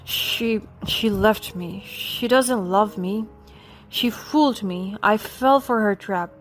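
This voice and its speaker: A woman's voice: mid-range voice, slow, natural voice. Desperate broke husband, as a woman reads him. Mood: pleading.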